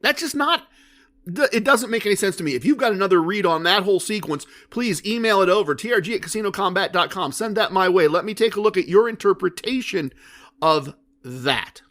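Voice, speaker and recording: High-voiced chatty male podcast host. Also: animated, a little fast, a bit bright. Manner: chatty, storytelling, rhetorical questions. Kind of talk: solo podcast monologue.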